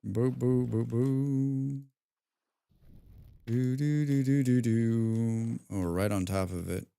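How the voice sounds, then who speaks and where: A young man commenting live on a survival game, excitable, talking to himself, humming and swearing between moves. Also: mid-range voice, slow pace, gravelly, smooth. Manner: excitable, talks to himself, hums and mutters while playing; swears often. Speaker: streamer.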